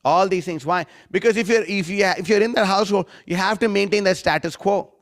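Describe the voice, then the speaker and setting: High-pitched male preacher for a scripture class: combative, questioning, quotes critics mockingly, recites Sanskrit verses. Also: fairly quick. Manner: rhetorical, challenging questions. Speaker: devotional class speaker.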